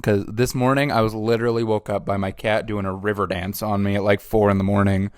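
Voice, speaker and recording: A man reviewing comics in a casual chat, thoughtful and animated, with many fillers. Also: fairly low pitch, brisk, clean tone, no echo, clean studio sound.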